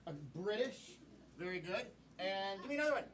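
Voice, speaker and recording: A man's voice: high-pitched, expressive, brisk, background noise. A man hosting a live improv comedy show, upbeat and taking suggestions from the crowd. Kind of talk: live emcee patter. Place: small comedy theater. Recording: distant mic with audience laughter.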